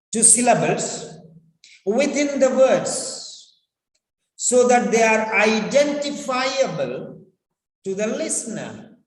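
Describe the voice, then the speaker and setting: A man teaches pronunciation at an unhurried pace. He repeats key words again and again to drill them. The sound is roomy, with a long echo trailing each phrase. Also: extremely high pitch, very animated. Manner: repetitive, drills words over and over. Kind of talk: slow instructional lesson. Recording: echoey room with long reverb.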